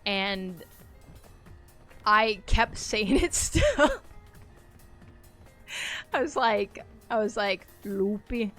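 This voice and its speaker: A woman's voice: medium pitch, animated, drawn-out words, pauses often, fairly bright tone, soft background music. A woman streaming a game, chatting casually and rambling, laughing easily as she plays. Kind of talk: casual gaming livestream chat.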